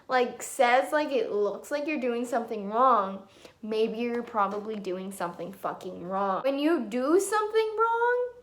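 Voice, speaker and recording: Young woman, high voice, angry opinion vlog, heavy swearing, emphatic, home camera mic. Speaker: vlogger.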